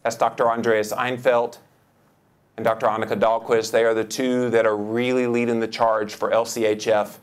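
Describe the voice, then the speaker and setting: A man giving a lively, joking seminar talk, jumping up in pitch for emphasis. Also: normal speed, smooth. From United States. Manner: enthusiastic, joking, with big pitch jumps for emphasis. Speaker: seminar speaker. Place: lecture hall.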